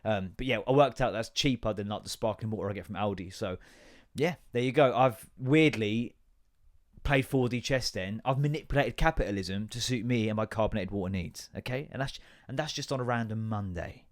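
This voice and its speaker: A man in his thirties with a fairly low voice talks fairly quickly while hosting a podcast. It's a solo comedic rant, rambling, full of swearing and self-mockery.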